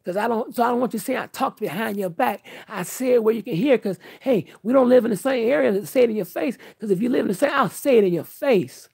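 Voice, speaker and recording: A woman's voice: a little high, quick pace, gravelly, few pauses, a little mellow, slightly rough, dry recording. An older woman talking candidly to her viewers in an earnest, emphatic, outspoken way. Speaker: vlogger.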